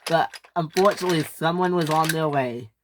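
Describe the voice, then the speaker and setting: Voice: medium pitch, fairly quick, background noise, lightly acted. Someone doing an apologetic helper engine. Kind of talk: toy train fan story.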